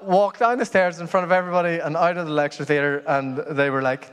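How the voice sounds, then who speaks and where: A man preaching a sermon as pastor, telling stories in an animated way that swings from loud to hushed. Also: high voice, a little fast, few pauses, clean tone. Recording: long hall reverb.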